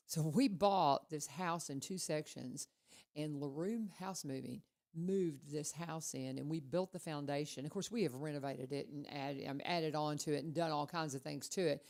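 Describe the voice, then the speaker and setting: A woman hosting a casual radio chat, telling stories in a chatty, animated way. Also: low-pitched, moderate pace, creaky. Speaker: radio host.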